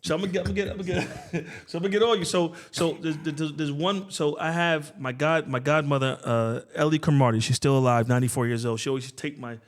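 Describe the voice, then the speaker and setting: A man's voice: a little high, fast talker, few pauses. A man co-hosting a podcast in casual chat, rambling and playful, often repeating and restarting his words. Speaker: podcast co-host.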